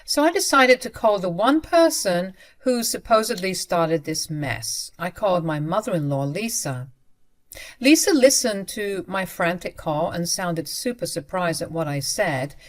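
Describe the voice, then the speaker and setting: A young adult woman narrating a first-person story in a conversational way, speaking directly to her listeners. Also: on the low side.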